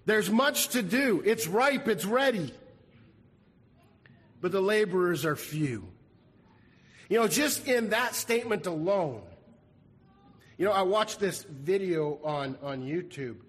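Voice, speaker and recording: A high-voiced man delivers an earnest sermon from the pulpit. He circles back to his key phrases again and again. His voice carries a long reverb through a large church sanctuary. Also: animated, slow pace, pauses often, a bit bright, breathy edge. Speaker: pastor.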